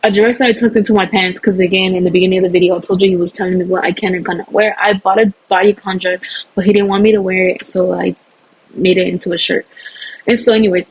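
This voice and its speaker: A woman telling her own story in an emotional, animated way, acting out the voices of others. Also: on the low side, quick pace, a little hiss or hum, low-quality recording. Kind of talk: personal storytelling.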